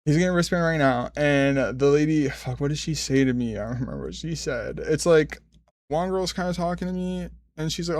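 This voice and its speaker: 25 yo guy on stream rambling and cussing, gravelly fry in his voice, dead dry close mic. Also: fairly high pitch, brisk, darkish tone, no room sound. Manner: rambling, profane, self-correcting. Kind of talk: casual storytelling chat.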